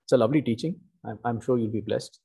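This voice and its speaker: Male preacher, husky warm tone, deliberate emphatic sermon delivery. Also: medium pitch. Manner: slow, emphatic teaching with repeated "okay" and "you know".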